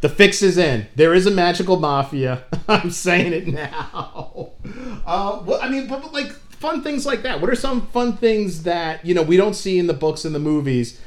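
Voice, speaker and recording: An American man co-hosting a casual fan chat, rambling with frequent laughs and sudden jumps in pitch when excited. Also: normal speed, hardly any pauses. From United States. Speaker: podcast co-host.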